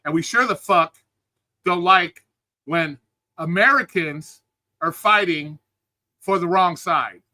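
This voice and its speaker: A man's voice: high voice, slow, long pauses, pushed and bright. A man hosting a live stream, delivering an angry, profane political rant and greeting chat viewers by name. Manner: angry, heated, swearing constantly. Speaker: livestream host.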